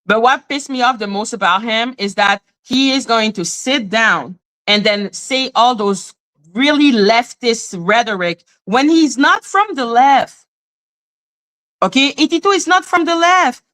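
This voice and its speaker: A woman from Canada, holds forth on her live stream in a heated, casual rant. Her voice is bright and sharp, and she leans hard on her points, swears without pause and slips into high squeaky voices to mimic others.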